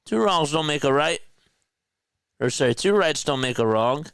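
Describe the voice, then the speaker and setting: A man with a South Jersey accent calling a basketball game as a casual live-stream play-by-play commentator, chatty and quick to correct himself. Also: on the high side, lively intonation, fairly bright tone, smooth, no room sound, studio quality. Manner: chatty, laughs easily, corrects himself mid-call.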